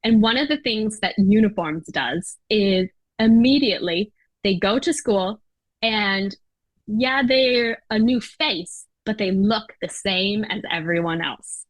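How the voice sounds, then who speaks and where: An American woman from the United States chats casually as a podcast guest, using many fillers and small laughs. She speaks slowly at a medium pitch, and the recording is dry and rough.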